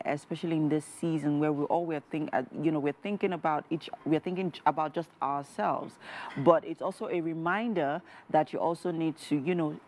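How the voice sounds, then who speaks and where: Low-voiced Nigerian woman hosting a TV show. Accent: Nigerian English. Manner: warm, encouraging, with many "you know"s. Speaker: TV show host. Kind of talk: studio interview. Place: TV studio.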